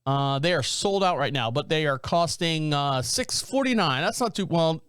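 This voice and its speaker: A man's voice: a little high, lively intonation, normal speed, fairly bright tone, clear, resonant tone, no echo. Rambling jokey man, dry close sound. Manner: rambling, jokey, self-mocking asides. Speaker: podcast host. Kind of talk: casual solo podcast chat.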